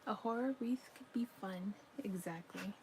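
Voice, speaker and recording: A crochet crafter streams live from home, casually reading viewers' comments, yawning now and then, and turning to chat with her pet. Her mid-range voice is warm and moderately paced. The low-quality recording has a faint hiss or hum.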